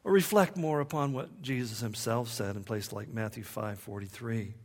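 A man's voice: medium pitch, normal speed, a little mellow. A man preaching a sermon in a conversational way, with humorous asides and rhetorical questions.

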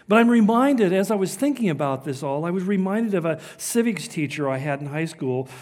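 An older man preaches with a notably high voice, earnest and emphatic. His phrases rise and fall as he builds each point. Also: lively intonation, fairly quick, a little mellow. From Southern California. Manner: earnest, emphatic preaching with rising and falling delivery. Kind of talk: sermon on prophecy.

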